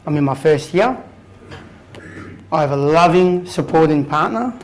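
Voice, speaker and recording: Expressive and a bit slow, this higher-voiced Australian man in his thirties recounts his story to an audience in a room as a guest speaker. He's candid and blunt, swearing casually, and the audio is poor.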